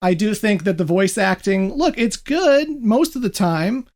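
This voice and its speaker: A podcast host in casual gaming chat, jokey and quick to laugh. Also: medium pitch, expressive, darkish tone.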